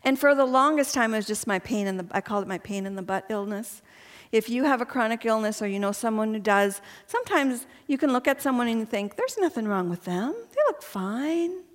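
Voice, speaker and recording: A woman's voice: on the high side, quick pace. A woman giving a personal faith testimony to a women's gathering, chatty and earnest and laughing often. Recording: long hall reverb.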